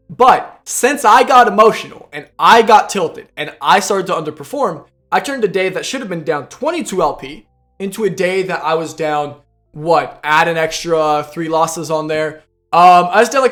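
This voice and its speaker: Brief: man, high voice, casual game coach, faint music underneath. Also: a bit bright. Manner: conversational, repeats "right?" and "like". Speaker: League of Legends coach. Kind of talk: casual explanatory talk to camera.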